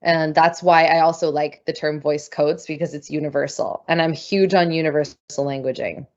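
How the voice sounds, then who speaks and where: A woman's voice: deep voice, fairly even intonation, moderate pace, muffled recording. A woman speaking as a podcast guest in casual chat, enthusiastic and open, with a spiritual tone. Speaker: podcast guest, voice and singing group leader.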